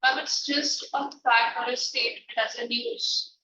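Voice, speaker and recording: A woman's voice: on the high side, flat delivery, moderate pace. A woman student answering and questioning her teacher earnestly in an online class. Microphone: video call. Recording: echoey, distant, noisy call audio.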